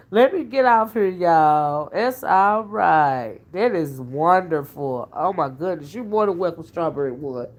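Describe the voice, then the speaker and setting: A woman hosting a casual livestream from her home, chatting folksily, calling listeners honey and child, and thanking viewers by name. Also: mid-range voice. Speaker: self-styled oracle and livestream host. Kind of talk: casual livestream chat, reading viewer comments. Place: at home while cooking dinner.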